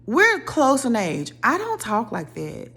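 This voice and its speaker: A young woman casually ranting about a reality show, opinionated and animated, her voice jumping up when she quotes people. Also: a little high, takes it slowly, creaky, slightly rough. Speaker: reality TV commentator.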